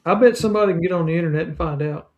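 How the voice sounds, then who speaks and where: Easygoing male co-host, short agreeable lines, slightly raised pitch. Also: rapid-fire, dull audio. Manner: brief, agreeable remarks. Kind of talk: casual chat.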